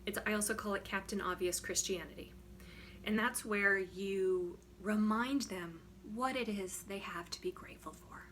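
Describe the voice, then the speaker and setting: A frank, emphatic woman with a bright, forward voice, talking casually to the camera as a wellness coach. She keeps checking in with "right?", and a faint hum sits under the recording. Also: mid-range voice, normal speed. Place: home studio.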